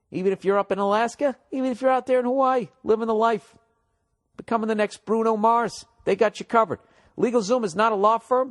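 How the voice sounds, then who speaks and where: A man hosting a comedy podcast, rambling profanely and mocking listener emails, his voice a little cracked. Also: high voice. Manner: profane, sarcastic, reads listener emails aloud. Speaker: podcast host.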